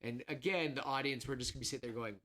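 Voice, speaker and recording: Rapid-fire, pushed and bright, this male podcast co-host rambles through a casual film pitch. Fillers and self-corrections pile up, and he comes across as slightly nervous.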